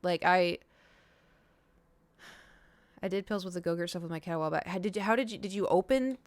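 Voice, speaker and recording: A woman's voice: fairly low pitch, brisk, no room sound. A young woman streaming, telling a long story in casual chat, acting out what people said and swearing now and then. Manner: rambling storytelling, acts out quoted dialogue, swears.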